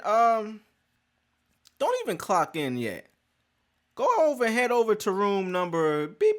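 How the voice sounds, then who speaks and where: A man casually telling a personal story, animated and profane, acting out conversations. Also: high-pitched, measured pace, pauses often. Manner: animated, profane, acts out dialogue.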